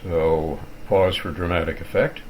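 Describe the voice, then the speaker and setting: A tired older man with a fairly low voice talks his way through a digressive, tongue-in-cheek rant, breaking off into theatrical asides as he clicks around on his computer. A faint ambient hiss sits under the recording. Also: steady tone, measured pace, dull audio. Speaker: vlogger ranting about his internet provider. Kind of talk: rambling screen-recorded rant.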